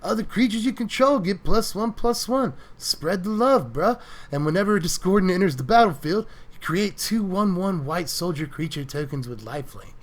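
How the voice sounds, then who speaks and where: A man's voice: high-pitched, lively intonation, pitched above the performer's own voice. A man putting on a drawling laid-back hippie. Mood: mellow, easygoing. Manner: slow drawling, saying man and bruh. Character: laid-back male hippie card reader. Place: recording booth.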